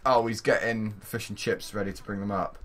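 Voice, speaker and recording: A man's voice: lowish voice, fairly even intonation, fairly quick, fairly bright tone. A young man chatting casually while playing a life-sim game with a friend, ordering the game characters around. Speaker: co-host of a game let's play. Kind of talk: casual gaming chat.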